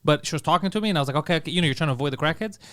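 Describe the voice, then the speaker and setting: Fast-talking, high-voiced comedian man. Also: clear, resonant tone, dry recording, studio quality. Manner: animated, profane, acts out the people in his stories. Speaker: podcast co-host. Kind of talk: casual comedic storytelling.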